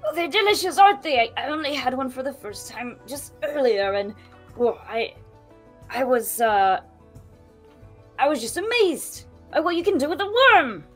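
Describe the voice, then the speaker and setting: A woman's voice: high voice, expressive, moderate pace, soft background music. A woman voicing a polite, flustered traveling creature who stammers and speaks with old-fashioned courtesy in a tabletop role-play game.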